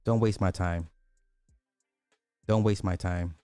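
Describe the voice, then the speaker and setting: A man's voice: low-pitched, fairly even intonation, slow pace, warm tone, clear, resonant tone, no room sound, faint music behind. A man giving casual commentary, ranting crudely and repeating himself in disbelief. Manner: crude, repetitive, incredulous ranting. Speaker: online commentator.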